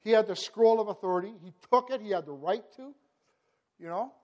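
A man's voice: sits high, a little fast, dull audio. A man preaching a sermon, impassioned and repetitive, building to emphatic peaks. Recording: long hall reverb.

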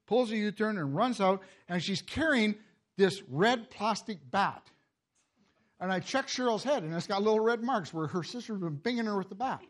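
Halting older man preaching, high voice. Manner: halting, repeats words, laughs at his own stories. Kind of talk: sermon.

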